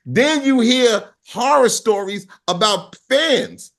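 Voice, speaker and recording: A man's voice: extremely high pitch, expressive, slow pace, vocal fry, a bit bright. A man co-hosting a podcast, telling stories in a casual, profane way and acting out the voices he quotes. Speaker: podcast co-host. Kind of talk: casual storytelling chat.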